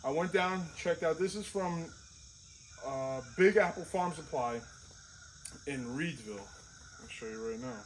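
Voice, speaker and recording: A man's voice: fairly high pitch, measured pace, long pauses, noisy background. A man casually vlogging outdoors beside his tractor. He talks in a rambling, chatty, self-deprecating way. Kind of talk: casual show-and-tell vlog.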